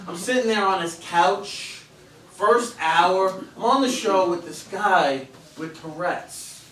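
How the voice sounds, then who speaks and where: A high-pitched man in his forties performs a stand-up set in a comedy club, landing self-mocking punchlines and slipping into voices for the people in his stories. The room rings with echo and the mic sits at a distance. A packed crowd laughs loudly throughout. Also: slow. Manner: punchy self-deprecating delivery with act-out voices. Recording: echoey club taped from afar. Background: audience laughter.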